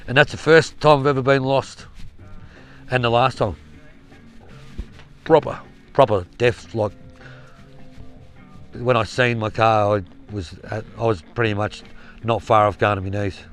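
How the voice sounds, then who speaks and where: A man's voice: on the low side, steady tone, measured pace, pauses often, smooth, faint music behind. An Australian man telling a rambling yarn in casual spoken style, blunt and swearing freely. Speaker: storyteller.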